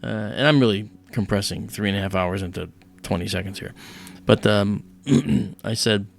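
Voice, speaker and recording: This livestream host has a lowish, gravelly voice and talks at normal speed. He relates a story from his own life in a relaxed, lively way, imitating what the other people said.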